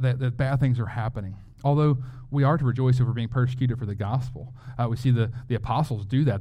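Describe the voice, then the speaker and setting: A man's voice: medium pitch, dark tone. A man preaching a sermon as a pastor, in a conversational way, often asking rhetorical questions.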